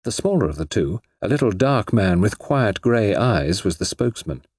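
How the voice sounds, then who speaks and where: A man narrates a story in a low, husky voice with lively, expressive intonation. The reading is measured and recorded close and dry, with no room sound. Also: no echo.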